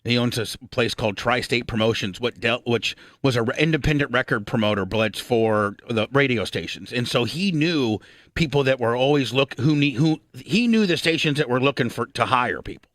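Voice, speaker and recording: A man in his fifties hosting a radio talk show, telling a rambling, profane story and clearing his throat often. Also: medium pitch, animated, normal speed, a bit bright, no echo.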